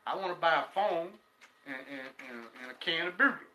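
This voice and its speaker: A man's voice: a little high, animated, normal speed, bright, forceful tone, reverberant, poor audio. An older man from Texas, telling stories casually and profanely as a guest. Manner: profane, laughing storyteller. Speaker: guest, former prisoner. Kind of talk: casual storytelling.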